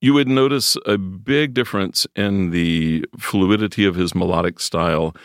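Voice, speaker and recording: A man answering as a music scholar in a measured, academic way. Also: low voice, no echo, studio quality. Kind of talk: explanatory commentary.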